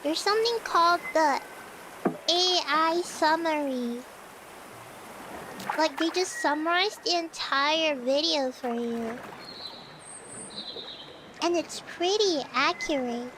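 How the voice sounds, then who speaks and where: Very high-pitched lisping young woman. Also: takes it slowly, pauses often, background noise. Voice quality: lisp. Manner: animated, dramatic outbursts. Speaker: streamer. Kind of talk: casual stream chat.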